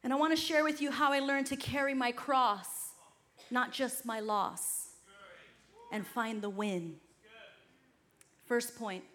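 Woman, preacher, sermon, exhortative, energetic, high-pitched. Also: takes it slowly, pauses often. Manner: energetic, exhortative, rising to shouts.

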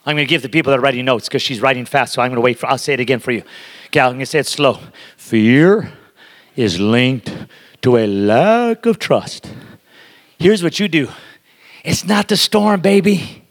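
A man's voice: mid-range voice, quick pace, fairly bright tone. A man giving a sermon as a guest preacher, emphatic and talking straight to the congregation in a church. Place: church sanctuary. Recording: long reverb of a large hall.

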